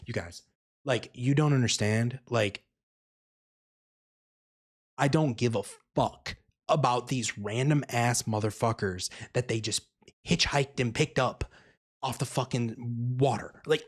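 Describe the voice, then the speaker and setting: A profane, sarcastic movie reviewer rants casually, jumping between flat grumbles and animated outbursts. The voice sits in a middle pitch that swoops widely. Characters get acted out mid-rant. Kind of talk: casual ranting film review.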